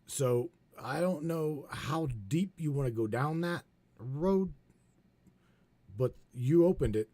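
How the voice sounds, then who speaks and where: A man hosting a live stream in casual chat, talking in a hesitant, halting way with frequent restarts. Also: a little high, expressive, warm tone, no echo.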